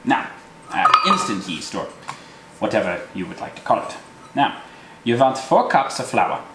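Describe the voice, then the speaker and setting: A man's voice: lowish voice, very animated, moderate pace, very noisy. A man hosting a comic cooking tutorial in an exaggerated put-on German accent, hamming it up and tossing in German words. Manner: hammy, drops in German words. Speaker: cooking show host. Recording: echoey kitchen with loud clattering cookware.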